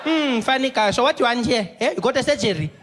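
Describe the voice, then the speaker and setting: A comedian voicing a loud, mocking female hospital clerk, tagging sentences with "eh?". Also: extremely high pitch, lively intonation, noisy background, pitched above the performer's own voice. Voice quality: loud, taunting, drawn-out "eh?" tags. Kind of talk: stand-up comedy impression.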